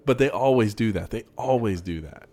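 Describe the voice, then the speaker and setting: A man co-hosting a casual film commentary, chatty and quick to laugh, with excited asides. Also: on the low side.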